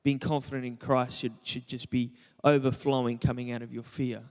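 Here the young pastor's voice sits at a medium pitch with little movement, his pace moderate and his tone a bit dark, all in a big-room acoustic. He chats through the sermon, teasing himself and asking the congregation things.

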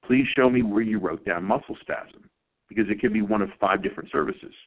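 A man's voice: lowish voice, brisk, lightly acted. A man voicing a stern male insurance auditor who questions a chiropractor, heard over a tinny phone-like line. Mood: probing.

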